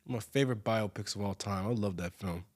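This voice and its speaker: A man co-hosting a podcast in casual chat, laughing often and slipping into imitations. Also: fast talker. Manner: laughs often, mimics people in high voices. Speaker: podcast co-host.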